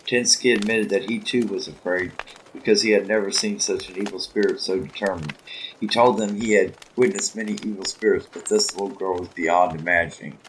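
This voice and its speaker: Guy reading a story slow and solemn, deep voice, bit of faint hiss behind. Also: rough recording. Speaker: narrator. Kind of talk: scripted audiobook narration.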